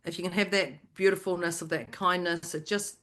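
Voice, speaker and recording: A woman's voice: lowish voice, fairly even intonation, fairly quick, fairly bright tone. A woman co-hosting a podcast, talking in a playful, rambling way and laughing often. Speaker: podcast co-host. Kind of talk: casual chat.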